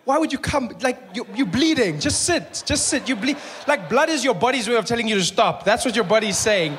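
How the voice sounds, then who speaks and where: High-voiced South African comedian on stage. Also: male voice, fairly quick, few pauses. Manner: animated, acts out characters. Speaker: stand-up comedian. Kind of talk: stand-up comedy. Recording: live show with clear noise.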